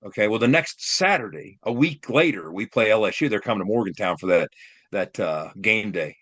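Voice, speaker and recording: A man with a slightly lower voice, chatting as a podcast co-host. He reminisces in a relaxed way, pausing on fillers as he searches for details. The sound is dry and close-miked. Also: dry recording. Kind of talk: casual sports chat.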